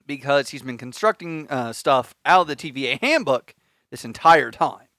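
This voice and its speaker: A man's voice: mid-range voice, expressive, normal speed, pushed and bright, dry recording, clean studio sound. A man hosting a podcast, casually recapping an episode in a rambling way with filler words and swearing. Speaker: podcast host.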